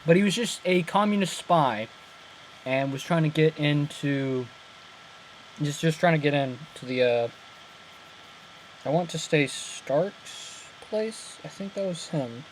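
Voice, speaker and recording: Young guy chatting about an episode, kinda high voice, keeps correcting himself and laughing, faint noise behind. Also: expressive, slow pace, pauses often, rough recording. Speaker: channel host breaking down an episode. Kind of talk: casual chat.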